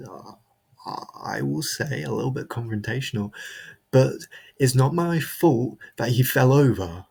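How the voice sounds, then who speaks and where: Man, unhurried delivery, raspy, rambling, stammering, self-justifying, deadpan monologue. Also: medium pitch. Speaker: comedic character monologuist.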